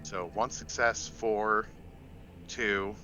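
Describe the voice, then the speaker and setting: A man running a tabletop game as game master, describing scenes and calling for rolls in a relaxed way, with frequent pauses. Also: fairly low pitch, dull audio. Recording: faint music behind.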